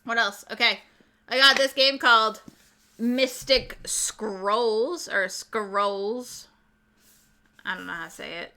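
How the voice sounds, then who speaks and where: Woman hosting a board game stream, kinda high, bright voice, rambly and chatty, answers chat as she goes. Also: normal speed, clear, resonant tone. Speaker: board game channel host. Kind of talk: casual chat showing new games.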